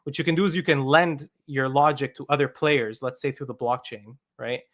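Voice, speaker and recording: A man's voice: medium pitch, fairly even intonation, brisk, a bit bright. A man who is a game developer, talking through how his game works in a casual podcast chat, with plenty of "like" and "um" along the way. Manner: explains step by step with many fillers.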